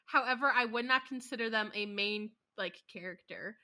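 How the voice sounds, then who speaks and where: A woman's voice: on the high side, pushed and bright. A woman co-hosting a podcast, casually teasing out hints in a guessing game. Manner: teasing, giving hints slowly. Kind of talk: casual chat.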